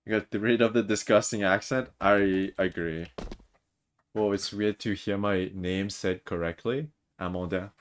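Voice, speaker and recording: A man's voice: on the low side, steady tone, unhurried. A man in his twenties from Mauritius, a native French speaker, chatting casually on a game livestream as he reads chat aloud and answers it, recorded at home on a desk mic. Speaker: game streamer. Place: home room, Toronto.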